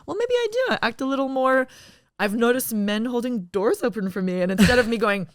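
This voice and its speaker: An Australian woman talks as a podcast guest with a very lively, up-and-down delivery and frequent swearing. Her voice is smooth and clear, recorded dry and close with no room sound. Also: on the high side, brisk, no room sound. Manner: frank and profane, emphatic. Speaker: comedian guest. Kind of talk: casual podcast chat.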